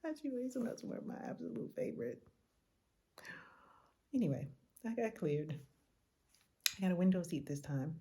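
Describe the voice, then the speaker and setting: A woman telling a chatty, animated travel story in a hotel room at night, tired and a little loopy. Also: fairly low pitch, moderate pace, pauses often. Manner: chatty, animated retelling with quoted exchanges. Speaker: travel vlogger. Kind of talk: casual travel vlog storytelling.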